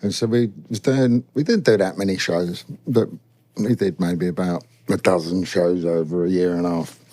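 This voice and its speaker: A man's voice: deep voice, moderate pace, no echo. Older man telling anecdotes in a dry studio. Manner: animated anecdotes, mimics voices in stories. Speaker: guest musician. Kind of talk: casual storytelling interview.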